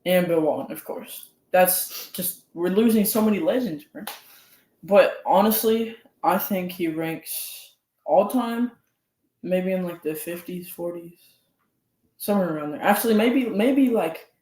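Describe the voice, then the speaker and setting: A man's voice: high voice, measured pace, darkish tone. A young man co-hosting a casual sports podcast, laid-back and hesitant, thinking aloud as he goes. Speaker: podcast co-host. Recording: echoey room.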